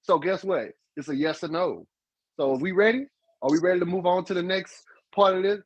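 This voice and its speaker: A man's voice: high-pitched, fairly quick, no echo, dull audio. A man co-hosting a relationship advice podcast, talking casually and animatedly, with emphatic repeats. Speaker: podcast co-host.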